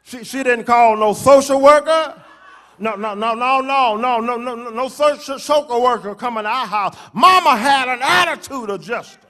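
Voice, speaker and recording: High, bright-voiced preacher man. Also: normal speed. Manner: rhythmic preaching with repetitions and shouted climaxes. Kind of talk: sermon. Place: church sanctuary.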